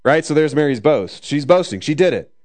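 A man delivering a sermon in a loose, conversational way, with joking asides. His voice sits a little high, and he slows down to dwell on the scripture. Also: animated, darkish tone. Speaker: preacher.

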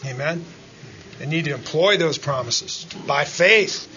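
A man preaching a sermon as pastor, dropping to quiet asides and then climbing into loud, rising pleas, often calling out "Amen?" to the congregation. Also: on the high side, animated, measured pace, lo-fi sound, slight background noise.

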